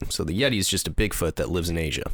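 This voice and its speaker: A man's voice: low voice, lively intonation, rapid-fire, fairly bright tone, no room sound. A man co-hosting a podcast in casual chat, hesitant and questioning. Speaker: podcast co-host.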